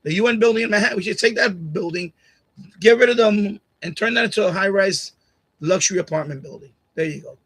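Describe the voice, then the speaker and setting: A man's voice: high-pitched, brisk, a bit bright, breathy edge, low-quality recording. A man hosting a live stream, chatting casually and bluntly with his chat, repeating himself and laughing at comments. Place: home streaming setup. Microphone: USB condenser mic on boom arm.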